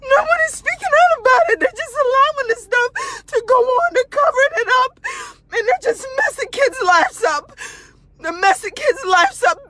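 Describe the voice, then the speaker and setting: Woman, tearful and distraught, high and sharp-toned, delivering an impassioned direct-to-camera appeal. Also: no room sound. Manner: distraught, pleading, repeating herself. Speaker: family member speaking out.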